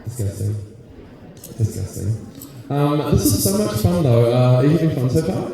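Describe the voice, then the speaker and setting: Male stand-up comic, chatty crowd-worker, slightly higher voice, very echoey distant hall recording. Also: animated, fairly quick, warm tone. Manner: chatty, crowd-work banter with the audience. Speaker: stand-up comedian. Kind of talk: live stand-up comedy. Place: large civic hall with a live audience.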